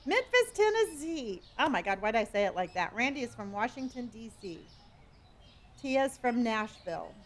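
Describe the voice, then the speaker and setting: A woman's voice: fairly high pitch, normal speed. A woman from Southern California streaming a game, chatting casually with her viewers and talking to herself as she plays. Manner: chatty, reads viewer locations aloud with sudden excited gasps; talks to herself while playing a store game. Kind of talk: casual live-stream chat.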